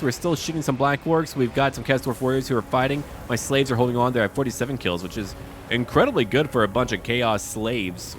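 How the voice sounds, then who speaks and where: A man giving excited live commentary over a strategy game battle, joking and talking to the enemy. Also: medium pitch. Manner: excitable, talks to enemy units and jokes. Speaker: gaming YouTuber.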